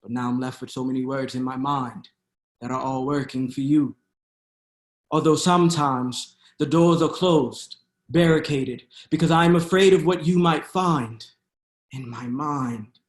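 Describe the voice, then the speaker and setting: A man's voice: medium pitch, steady tone, unhurried, reverberant. A man reading his own poetry aloud over a video call, in a rhythmic spoken-word delivery. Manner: rhythmic spoken-word delivery with hesitant fillers between pieces. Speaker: poet.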